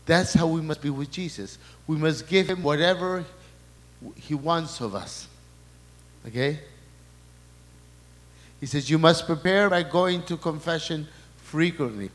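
A man's voice: a little high, a little slow, long pauses, long reverb tail. A man, a priest, giving a sermon talk before a live audience, often breaking off and repeating his words as he relays quoted messages.

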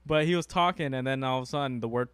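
A man's voice: mid-range voice, quick pace, fairly bright tone, smooth, no room sound. A young man co-hosting a podcast in casual chat, rambling and laughing often. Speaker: podcast co-host.

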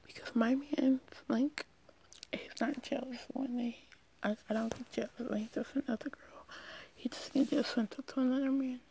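A woman's voice: on the high side, steady tone, normal speed, dark tone, a little hiss or hum, poor audio. A teenage girl whispering a rambling personal story to her listeners, chatty and full of restarts.

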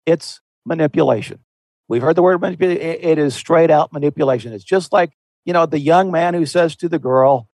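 Man, earnest, conversational, slightly high voice, dry studio sound. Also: fairly quick, darkish tone, no room sound, low-quality recording. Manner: earnest, conversational, repeats words when restarting. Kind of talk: Christian talk show conversation.

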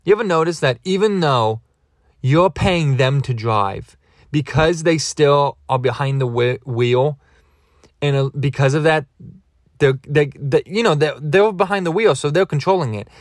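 In a clean studio recording with no echo, this podcast host delivers a comedic storytelling monologue full of tangents and self-mockery. He speaks a little slowly, with a voice that sits a little high.

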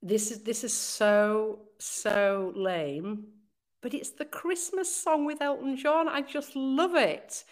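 A woman being interviewed on a podcast, chatty and enthusiastic and quick to laugh. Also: fairly high pitch, steady tone. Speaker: interview guest. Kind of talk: casual conversational interview.

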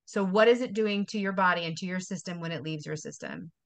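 A woman's voice: fairly low pitch, fast talker, creaky. A woman in her forties, a wellness coach talking as a guest in a casual podcast interview, emphatic and motivational, repeating phrases for effect. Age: 40s.

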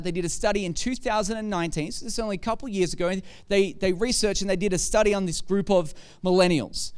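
A man preaching a conversational sermon who keeps asking rhetorical questions and builds to forceful emphasis. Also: high-pitched, clear, resonant tone.

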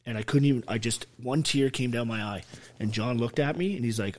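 A man's voice: medium pitch, brisk. An army veteran telling his story as an interview guest, blunt and full of swearing. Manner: blunt, heavily profane, emphatic.

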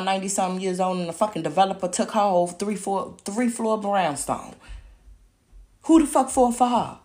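Furious young woman ranting, pitch swinging wildly. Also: a little mellow. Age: young adult. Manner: heated, profane and confrontational, with repeated rhetorical questions. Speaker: podcast host. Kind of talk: angry podcast rant.

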